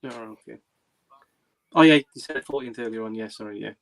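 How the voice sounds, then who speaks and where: A man with a Geordie accent chatting on a live stream, jokey and quick to tease. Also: fairly low pitch, gravelly, a crowd in the background. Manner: rapid, jokey, slips into mock voices. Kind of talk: casual chat.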